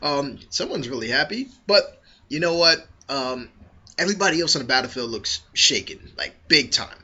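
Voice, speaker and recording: A man reviewing a comic chapter in a casual vlog, excitable, slangy and profane. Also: fairly high pitch, husky. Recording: dull lo-fi recording.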